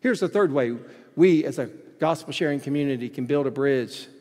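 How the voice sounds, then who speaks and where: A man preaching a sermon as pastor in a church, swinging between hushed, gentle passages and loud, excited ones. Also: mid-range voice, fairly quick. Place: church sanctuary. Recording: echoey hall reverb.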